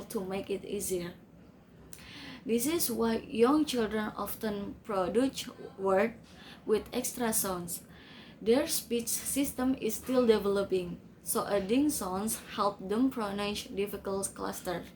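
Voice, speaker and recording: A woman reading a class presentation slowly and carefully, with small grammar slips. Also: mid-range voice, darkish tone, slight background noise, low-quality recording. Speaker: student presenter.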